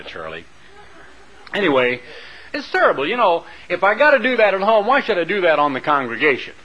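A man preaching a radio sermon, swinging between loud emphatic lines and soft murmured asides. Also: fairly high pitch. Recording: muffled lo-fi radio broadcast.

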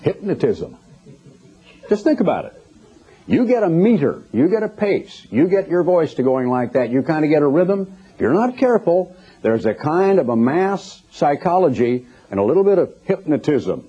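A man's voice: a little high, big pitch swings, normal speed, warm tone, husky. A man preaching a sermon, emphatic and quoting scripture, often putting rhetorical questions to his listeners. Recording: dull lo-fi recording.

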